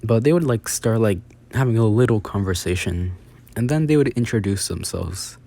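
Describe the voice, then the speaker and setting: A man's voice: lowish voice, lively intonation, normal speed, creaky, warm tone. A man improvising a casual fan story, rambling with many fillers and restarts.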